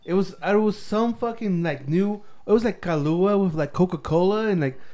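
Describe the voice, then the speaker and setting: A man's voice: high-pitched, normal speed, a little mellow. A young man telling a story animatedly in casual podcast chat, swearing often. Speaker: podcast co-host.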